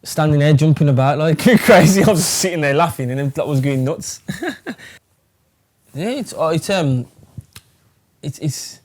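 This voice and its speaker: A man's voice: a little high, normal speed, darkish tone, slight background noise. A young man from England, chatting casually in an interview, rambling with plenty of fillers and swearing. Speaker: fighter.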